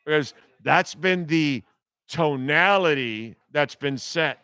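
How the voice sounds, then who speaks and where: Male sports talk host, heated profane rant, slow delivery, smooth voice, dry sound. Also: on the high side, animated, sharp tone, no echo. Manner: blunt, heated, profane, repetitive jabs. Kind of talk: ranting sports talk monologue.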